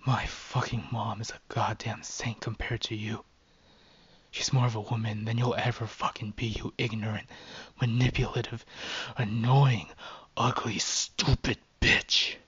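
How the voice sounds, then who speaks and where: A man voicing a quiet, bullied teenage boy who speaks hesitantly and stammers. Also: medium pitch, fairly even intonation, unhurried, hardly any pauses, husky, no room sound, dull audio. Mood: enraged. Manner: hesitant, stammering, through clenched teeth.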